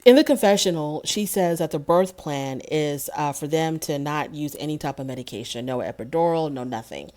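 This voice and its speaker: A woman's voice: deep voice, darkish tone. A woman recapping a TV episode in casual commentary, sarcastic and indignant. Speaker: TV show reviewer.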